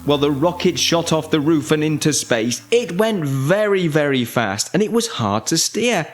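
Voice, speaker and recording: A father reading a children's bedtime story aloud in an expressive storytelling manner. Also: fairly high pitch, moderate pace.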